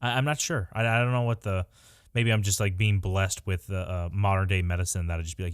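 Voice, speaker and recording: A man's voice: low voice, fairly even intonation, fairly quick, clear, resonant tone, dry recording, studio quality. A man co-hosting a podcast in casual, rambling chat, laughing and acting out quotes. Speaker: podcast co-host.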